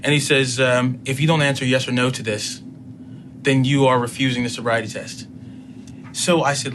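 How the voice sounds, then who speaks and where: Middle-aged male storyteller, animated, plays both sides of each exchange, faint background noise. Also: mid-range voice, normal speed. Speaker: guest telling a personal story. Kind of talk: casual spoken storytelling.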